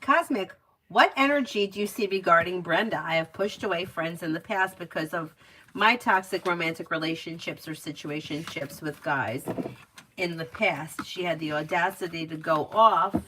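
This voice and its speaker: A middle-aged woman with a lowish but bright, forceful voice, talking casually at home. She is chatty and animated, laughing easily as she tells stories and then reads tarot for her viewers. Faint noise sits under the stream. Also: normal speed. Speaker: tarot reader. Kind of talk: casual livestream chat and tarot reading. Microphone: phone or webcam stream.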